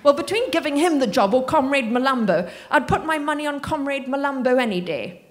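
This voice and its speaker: A man's voice: very high voice, lively intonation, a little fast, pitched above the performer's own voice. A woman reading aloud and voicing an irascible older father who mocks and swears with indignation. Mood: outraged. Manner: indignant, mocking, swearing freely.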